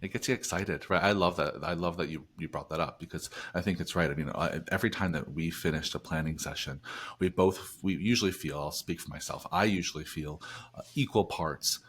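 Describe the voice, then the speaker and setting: A man's voice: deep voice, brisk, fairly bright tone, slight background noise. A man from New Jersey hosting a business podcast, chatty and upbeat, often restarting phrases as he talks. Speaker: podcast host. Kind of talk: casual podcast conversation.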